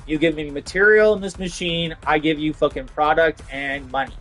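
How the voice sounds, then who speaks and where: Young guy ranting bout getting fired, kinda high voice, says like constantly, lots of swearing. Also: fairly even intonation, moderate pace, fairly bright tone, soft background music. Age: young adult. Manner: frustrated, swearing, heavy "like" fillers. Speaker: vlogger. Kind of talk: casual rant to camera.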